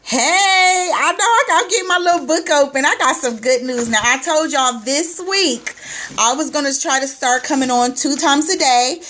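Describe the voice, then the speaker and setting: A woman's voice: high voice, normal speed, sharp tone. A woman coaching on weight loss, chatting casually on a live stream from her phone and greeting her viewers by name with sing-song hellos.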